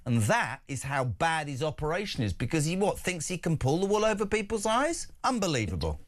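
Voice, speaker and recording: A man's voice: fairly high pitch, brisk. A man hosting a breakfast talk radio show, talking in an indignant, mocking way. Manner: indignant, animated, mocking impressions. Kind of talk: opinionated talk radio chat.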